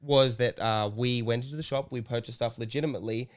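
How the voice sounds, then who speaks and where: Rambling podcast co-host. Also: male voice, medium pitch, steady tone, fast talker. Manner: rambling, filler-heavy, laughing. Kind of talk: casual storytelling.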